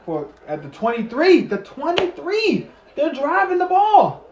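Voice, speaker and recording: A man giving live play-by-play and reaction to a football game, excitable, swinging from muttering to shouting and cussing, talking while eating. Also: extremely high pitch, a little slow, echoey room, muffled recording, a little hiss or hum.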